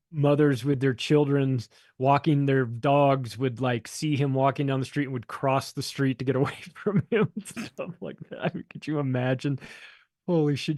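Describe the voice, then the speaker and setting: A man's voice: medium pitch, darkish tone, dry recording, clean studio sound. Rambling, profane male podcast guest. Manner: rambling, profane, acts out quoted voices. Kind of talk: casual storytelling conversation.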